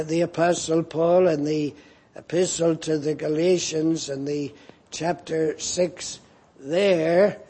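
Male preacher, high and slow, husky, mellow tone, dramatic sermon delivery. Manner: animated, dramatic voicing of scripture figures.

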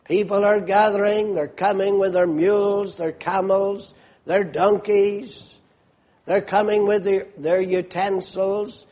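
Male preacher, high voice, slow measured storytelling sermon. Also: level tone, darkish tone. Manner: vivid storytelling, asks listeners to picture the scene.

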